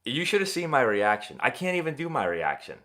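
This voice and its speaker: A young man hosting a casual live stream, answering viewer questions in a rambling, animated sports-fan way. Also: medium pitch, a little fast. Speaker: host of a live baseball Q&A stream.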